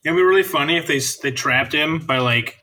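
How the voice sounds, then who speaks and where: A young man chatting casually about a movie, tossing in quick joking quips. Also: fairly high pitch. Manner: jokey, quick deadpan quips. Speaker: film commentary co-host. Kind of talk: casual movie commentary chat.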